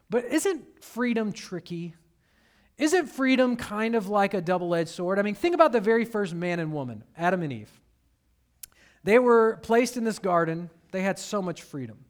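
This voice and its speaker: A man's voice: high voice, a bit bright. A man from Detroit, Michigan, preaching a sermon as a pastor in a conversational storytelling way with humorous asides.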